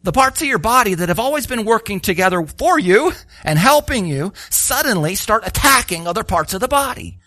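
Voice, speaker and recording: Lively, bright-voiced male preacher. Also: high-pitched, brisk, no room sound, studio quality. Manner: animated, rhetorical questions, acts out quoted voices. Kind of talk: sermon.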